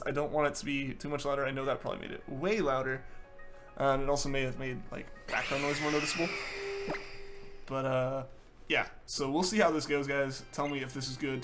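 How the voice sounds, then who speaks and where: A young man streaming a game live, chatting casually and reading out viewer messages in an easygoing way with lots of fillers. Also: mid-range voice. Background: game music playing.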